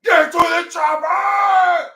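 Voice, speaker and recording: A man putting on a bellowing action-star governor in a thick mock-Austrian accent, pitched well above his own voice and yelled at full force. It comes through an echoey room from a mic set some way off. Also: steady tone, takes it slowly, creaky, recorded from a distance, exaggerated voice. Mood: yelling. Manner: yelling, over-the-top. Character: shouting impression of a male action-star governor.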